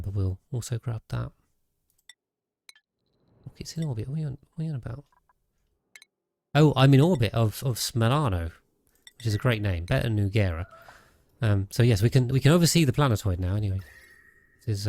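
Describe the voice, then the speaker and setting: A man with a lowish voice chats his way through a game stream, speaking casually into a desk mic. He thinks aloud, restarting and trailing off as he plays. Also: a little mellow. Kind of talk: casual gameplay commentary.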